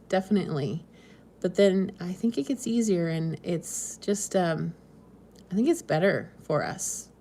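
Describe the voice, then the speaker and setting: A woman's voice: lowish voice, a little mellow. A woman from the West Coast hosting a casual live stream, chatting and reading viewer comments in a meandering way with frequent ums and small laughs. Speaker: homesteading channel host.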